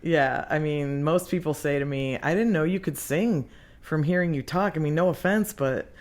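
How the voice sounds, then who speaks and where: A woman, a lead singer, telling lively stories in casual podcast chat, often laughing and acting out what others said. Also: low-pitched, moderate pace. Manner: animated, laughs often, acts out quotes. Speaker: singer guest.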